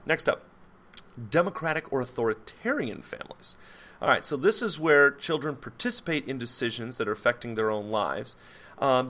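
A man's voice: mid-range voice, a bit bright. A man hosting a solo podcast, explaining a psychology topic in a loose, rambling way with many fillers, self-corrections and jokey asides. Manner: jokey asides, mock French accent on foreign words. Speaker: podcast host. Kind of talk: casual solo podcast lecture.

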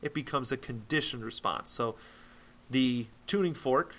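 A man's voice: medium pitch, unhurried, a bit bright. A man teaching a psychology lesson in a loose, chatty way, with many fillers and restarts. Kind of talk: casual explanatory lecture.

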